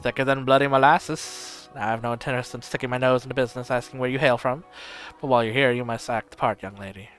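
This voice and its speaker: A man's voice: mid-range voice, fairly even intonation, quick pace, few pauses, a bit bright, faint music behind, lightly acted. A man voicing a blustery, barking retired old nobleman who swears often. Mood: stern. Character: gruff loud old male noble, retired.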